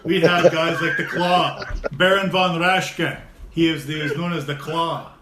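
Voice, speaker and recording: A man chatting casually with friends, an animated storyteller who laughs often. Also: fairly high pitch, a little slow. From America. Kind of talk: casual chat. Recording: echoey room with faint noise.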